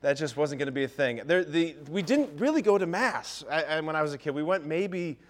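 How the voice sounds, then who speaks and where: A man's voice: a little high, animated, brisk. A man in his thirties from Ohio, a priest giving a humorous talk to parents and telling self-deprecating stories. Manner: self-deprecating storyteller, keeps asking "right?". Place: parish hall or church.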